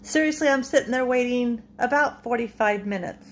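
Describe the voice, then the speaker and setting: A woman's voice: on the high side, normal speed. A woman casually retelling a frustrating store run-in, exasperated and recounting every exchange. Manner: exasperated, retells the argument blow by blow. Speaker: vlogger. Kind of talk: casual complaint story.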